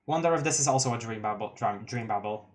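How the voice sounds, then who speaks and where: Excitable streamer reading a webcomic live. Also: mid-range voice, fast. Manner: excitable, laughs often, restarts sentences. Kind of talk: casual live-read commentary.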